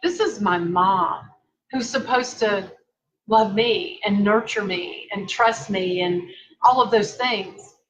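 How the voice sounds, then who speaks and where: A woman's voice: mid-range voice, slow pace, low-quality recording. Woman, family caregiver, confessional vlog, earnest, heartfelt, seated at home. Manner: earnest, heartfelt, softly emotional.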